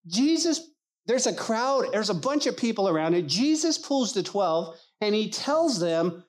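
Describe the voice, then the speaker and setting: A man preaching a sermon as pastor, animated and emphatic, acting out the people he quotes. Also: sits high, unhurried.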